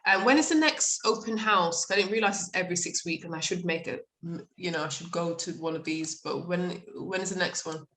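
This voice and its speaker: A woman's voice: lowish voice, fairly quick, hardly any pauses, fairly bright tone. Chatty woman hosting a video call. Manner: chatty, with frequent fillers and laughter. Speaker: host of an online jewellers' network talk. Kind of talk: casual video-call chat.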